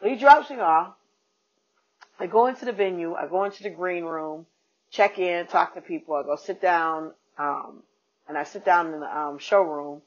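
A woman comedian and podcast host telling a casual, animated story and acting out the people in it. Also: lowish voice, moderate pace. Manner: animated, acts out quoted people. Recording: dull lo-fi podcast audio.

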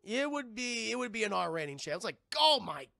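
Male streamer, very gravelly, bright edge, dry close sound, swearing excitedly. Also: high voice, fast talker, dry recording. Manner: profane, excitable, keeps addressing chat. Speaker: live streamer. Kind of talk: casual film recap on a live stream.

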